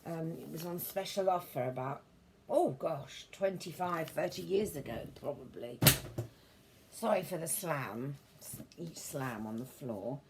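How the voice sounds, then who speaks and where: A woman's voice: low voice, expressive, unhurried, noisy background. A middle-aged woman rambling casually as she shows off her books, meandering and a little prim, correcting herself as she goes. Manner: meandering and prim, with self-corrections and formal turns of phrase. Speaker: vlogger showing her book collection. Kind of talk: rambling casual show-and-tell.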